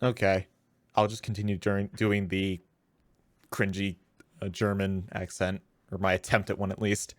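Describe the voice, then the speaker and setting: A man's voice: low voice, flat delivery, moderate pace, a little hiss or hum. A man co-hosting a casual game playthrough, joking and doing voices for the game's dialogue. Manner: jokey, loud bursts when acting out lines. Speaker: let's play co-host. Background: game music.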